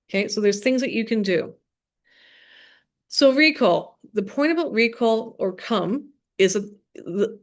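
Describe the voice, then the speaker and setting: A woman giving a dog training workshop, explaining steps in an upbeat, demonstrative way, recorded at her computer. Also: medium pitch.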